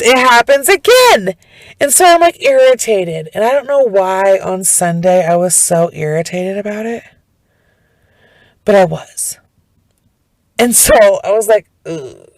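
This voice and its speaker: A woman's voice: medium pitch, no echo, low-quality recording. A young woman hosting a podcast, ranting in a casual, profane, rambling way with frequent restarts. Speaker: podcast host.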